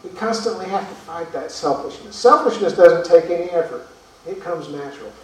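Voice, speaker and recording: A pastor preaches a sermon in earnest tones, his fairly high, animated voice moving at a brisk clip as he asks rhetorical questions and repeats words. He is recorded from far off in an echoey room.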